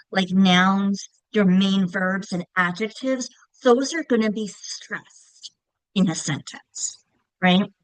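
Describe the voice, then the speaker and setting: A woman's voice: mid-range voice, a bit bright, no room sound, rough recording. Long Island woman explaining reading. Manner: explanatory, frequent "right?" check-ins. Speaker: reading teacher. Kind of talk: instructional presentation.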